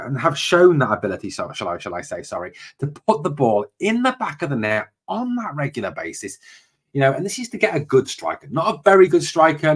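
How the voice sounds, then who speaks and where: A man's voice: mid-range voice, a bit bright. A man hosting a football channel and delivering a passionate, repetitive opinion monologue. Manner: passionate, ranting, repetitive emphasis.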